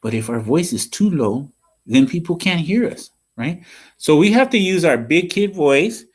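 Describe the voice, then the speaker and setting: Man, school counselor, slightly raised pitch, patient sing-song lesson for young kids, keeps asking okay. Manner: patient, sing-song teacher talk, frequent "okay?" checks. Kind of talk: classroom lesson for young children.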